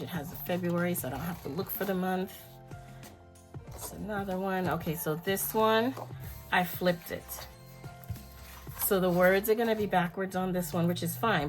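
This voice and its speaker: A woman with a lowish voice talks through her planner setup in a loose, rambling way, filling gaps with ums. She sometimes leans away from the mic while she searches her desk, and faint music plays behind her. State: yawning, tired. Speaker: planner video host. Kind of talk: casual talk while crafting.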